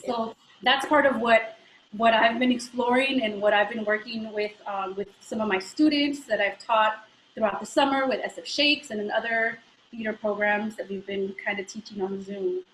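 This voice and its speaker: A woman's voice: a little high, fairly even intonation, fairly bright tone, reverberant, slight background noise, poor audio. A woman from the Bay Area, an actor and voice teacher, talking earnestly and thoughtfully as a guest in a casual live interview over a video call. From San Francisco Bay Area. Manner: earnest, reflective, with filler pauses.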